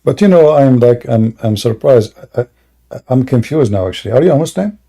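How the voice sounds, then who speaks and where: A man's voice: medium pitch, lively intonation, fairly quick, creaky, mellow. A man hosting a live broadcast, asking direct, blunt questions in non-native phrasing. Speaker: host of a live debate broadcast.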